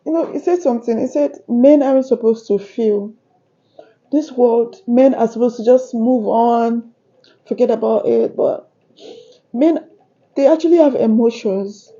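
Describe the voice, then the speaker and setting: A woman hosting a reaction video, talking slowly and softly while teary. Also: on the high side. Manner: tearful, slow, soft-spoken asides. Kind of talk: emotional reaction commentary. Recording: dull lo-fi sound.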